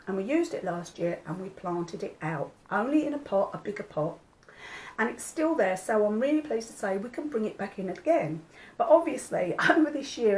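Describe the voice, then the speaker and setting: A woman's voice: mid-range voice, rough recording. An older woman, chatting casually to her viewers, homely and rambling. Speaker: vlogger. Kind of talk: casual chat.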